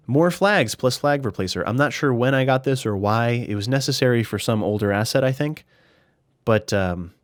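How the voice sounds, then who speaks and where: A man casually talking through his game mods in a relaxed, chatty way, with fillers and restarts, a little out of breath at times. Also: fairly low pitch, dry recording, clean studio sound. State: slightly out of breath. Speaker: gaming YouTuber. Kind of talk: casual screen-recorded tutorial commentary.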